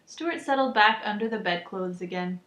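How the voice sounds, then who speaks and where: A woman reading a children's book aloud calmly, adding casual asides. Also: mid-range voice, normal speed. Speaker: storybook reader. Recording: echoey room, muffled lo-fi sound.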